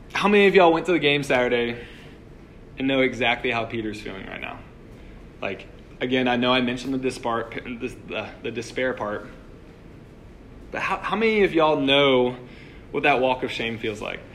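A young man preaching to a gathered room in a relaxed, talky way, peppering his lines with filler words and quick restarts. His voice sits at an ordinary middle pitch, and a faint hiss runs under the recording. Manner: conversational, lots of "like" and restarts. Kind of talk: casual sermon. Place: room with a live audience.

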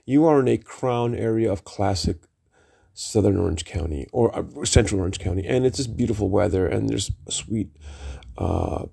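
A man's voice: fairly low pitch, moderate pace, gravelly, warm tone, breathy edge. A middle-aged man vlogging, telling a rambling personal story in an emphatic, digressive way and swearing freely.

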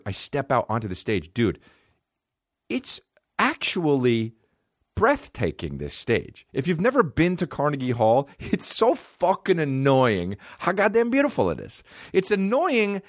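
A male comedian and podcast host telling a profane, animated personal story in casual chat. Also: a little high, moderate pace, no room sound, clean studio sound.

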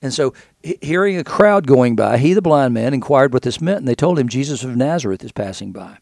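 A man's voice: medium pitch, animated, fairly quick, vocal fry, darkish tone, no room sound, studio quality. A man preaching a conversational sermon, reading scripture aloud and explaining it, often repeating words as he thinks.

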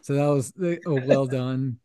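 A man's voice: mid-range voice, fairly even intonation, normal speed, mellow, clean tone, dry recording. Rambling man on a dry mic. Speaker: podcast co-host. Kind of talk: casual film podcast chat.

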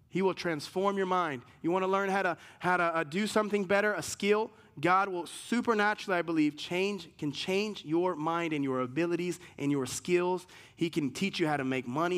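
A man preaching a sermon as pastor, emphatic, rising sharply in pitch when he reads scripture aloud.

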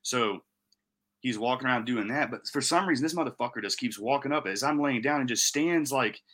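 A man co-hosting a podcast, telling a story in casual chat with plenty of swearing and animated delivery. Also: medium pitch, brisk. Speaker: podcast co-host.

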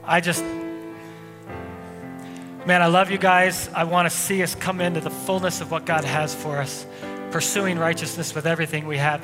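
A pastor preaching a sermon, telling a personal story in a loose conversational way with frequent restarts. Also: male voice, on the high side, flat delivery, normal speed, pauses often. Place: church sanctuary. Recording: long hall reverb, faint music.

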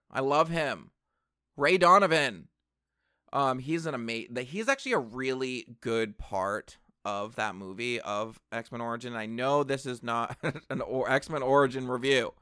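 A man casually reviewing a film on camera, rambling and excitable, with lots of fillers and asides. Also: mid-range voice, no room sound, studio quality. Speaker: movie reviewer. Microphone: camera mic.

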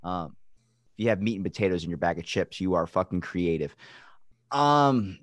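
A man's voice: sits low, animated, normal speed, no echo. A man hosting a podcast in casual chat, rambling onto tangents and swearing freely. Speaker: podcast host.

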